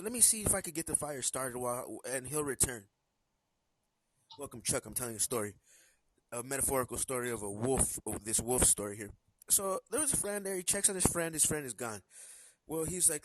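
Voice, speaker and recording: A man hosting a live stream, telling a story in a casual, animated way and acting out the characters' lines. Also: mid-range voice, fairly quick, no room sound, poor audio.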